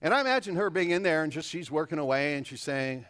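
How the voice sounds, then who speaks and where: Pastor man preaching casually with jokes, fairly high voice, long hall reverb. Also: fast, a bit bright. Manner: conversational and humorous, jumps up in pitch for emphasis. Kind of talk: sermon. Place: church sanctuary. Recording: echoey church hall.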